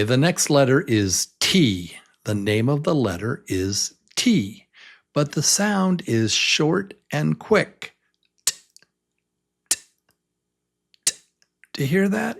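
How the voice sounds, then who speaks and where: Slow, patient male English teacher. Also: mid-range voice, very animated, gravelly. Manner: patient, repeats each sound slowly and invites the learner to answer. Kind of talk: slow beginner pronunciation lesson.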